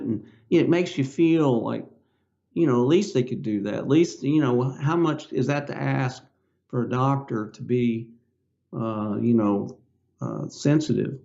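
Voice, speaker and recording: An older man, a podcast guest, telling a personal story in a casual, halting way, with lots of filler words. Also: medium pitch, vocal fry, darkish tone. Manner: rambling, halting, with many "you know" fillers. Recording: slightly dull lo-fi audio.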